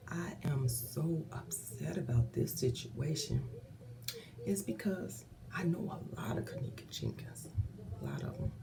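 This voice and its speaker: A woman vlogger giving impassioned commentary, earnest and often dropping to a hushed whisper. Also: low voice, creaky, background noise.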